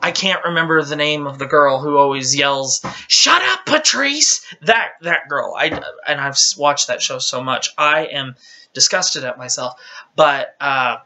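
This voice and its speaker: Male game reviewer, exasperated rant, bright tense tone, stammers and restarts. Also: mid-range voice, fairly even intonation, moderate pace. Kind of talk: casual ranting game review.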